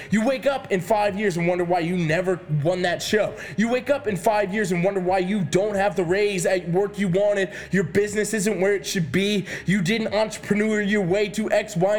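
A man, a fitness coach, delivering an intense, profanity-laced motivational rant to the camera. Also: sits high.

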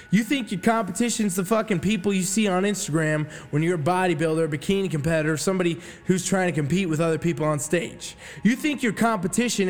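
Male motivational speaker, high-pitched and emphatic, swears hard, reverberant space with faint music under. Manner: profane, intense and emphatic. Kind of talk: motivational rant.

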